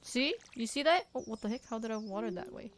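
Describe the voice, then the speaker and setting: A woman's voice: on the high side, fast talker, a little hiss or hum. A young woman co-hosting a game stream, chatting casually and acting out the people in her stories. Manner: animated storyteller, acts out quoted people. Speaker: co-host playing a farm game on stream. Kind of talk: casual chat while gaming.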